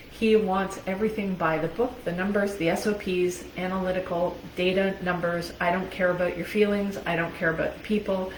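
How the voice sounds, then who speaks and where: A woman's voice: fairly low pitch, reverberant, slight background noise, rough recording. A woman life coach giving a casual motivational talk, chatty and candid, laughing often and swearing casually.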